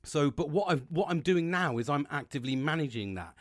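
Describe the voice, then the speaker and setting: Man, fairly high voice, lively swings in pitch, rambling monologue full of swearing. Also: a little fast. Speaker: self-help vlogger. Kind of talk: casual monologue to camera. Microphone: plug-in mic.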